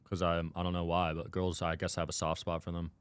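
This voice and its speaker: A man as a podcast guest in casual chat, matter-of-fact and quick to agree. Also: deep voice, completely flat delivery, smooth.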